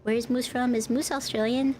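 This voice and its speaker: A woman's voice: on the high side, fairly even intonation, brisk, dark tone, a little hiss or hum. A woman streamer in casual live-stream chat, rambling and talking to her viewers. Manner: rambling, chatty, talks to chat.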